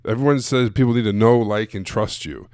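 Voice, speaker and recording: A man's voice: on the low side, a little fast, a little mellow, no room sound, studio quality. Blunt man teaching sales on a livestream. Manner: blunt, direct, repeats phrases and poses rhetorical questions. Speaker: sales coach. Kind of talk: live-streamed teaching.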